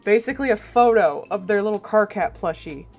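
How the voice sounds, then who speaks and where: A woman's voice: medium pitch, lively intonation, a little fast. A young woman chats loosely on a livestream, piling up fillers and swearing without a second thought. She laughs easily and wanders from one thought to the next, with faint music under her voice. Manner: rambling, filler-heavy, swears freely, laughs often. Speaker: artist streaming for supporters. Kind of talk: casual chat on a stream.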